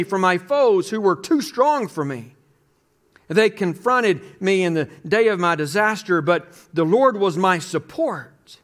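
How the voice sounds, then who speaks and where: High-voiced male pastor preaching. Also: fairly bright tone. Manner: earnest, reads scripture aloud. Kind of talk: sermon.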